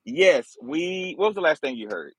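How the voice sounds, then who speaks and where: A man's voice: on the high side, normal speed, a crowd in the background, rough recording. A man co-hosting a casual online chat, joking and talking informally. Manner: joking, relaxed, informal speech.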